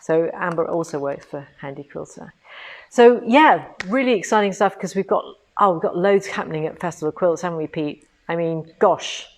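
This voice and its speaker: A woman's voice: lowish voice, moderate pace. Bubbly chatty woman host. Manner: chatty, bubbly, laughs often. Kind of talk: casual live-stream chat.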